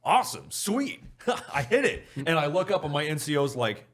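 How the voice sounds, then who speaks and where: Young man, casual storytelling, lively pitch, acts out voices, laughs a lot. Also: brisk. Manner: animated, acts out voices and sound effects, laughs often. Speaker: podcast guest telling an army story.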